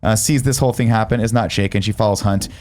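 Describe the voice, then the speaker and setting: Fast-talking low-voiced man recapping. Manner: rapid, animated recap with acted-out quotes. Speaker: podcast co-host recapping a film. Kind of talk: casual chat.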